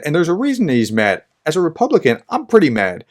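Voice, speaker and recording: A man's voice: fairly high pitch, wildly swooping pitch, fast. A man giving casual, rambling political commentary between clips, often restarting his sentences.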